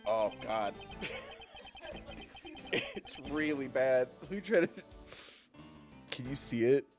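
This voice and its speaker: A man streaming a game live, expressive and swearing, with frequent laughs and loud outbursts. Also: mid-range voice, extremely slow. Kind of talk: live gaming commentary. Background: faint game music.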